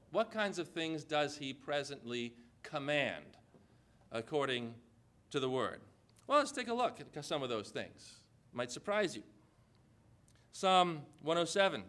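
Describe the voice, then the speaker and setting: A man delivers a sermon in a bright, slightly high voice. He reads scripture and then presses the congregation with emphatic rhetorical questions and dramatic pauses. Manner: asks the listeners direct rhetorical questions. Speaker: pastor.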